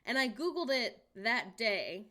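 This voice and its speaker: A woman's voice: on the high side, big pitch swings, a little slow, bright, forceful tone, slight background noise. A young American woman hosting a casual live stream, reading chat aloud, joking and laughing often, with incredulous outbursts. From United States. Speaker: livestream host.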